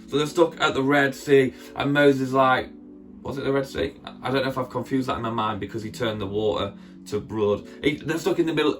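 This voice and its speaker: A man's voice: mid-range voice, fairly bright tone. A man retelling a Bible story for children in a chatty, playful way, often asking his listeners questions. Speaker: children's church leader.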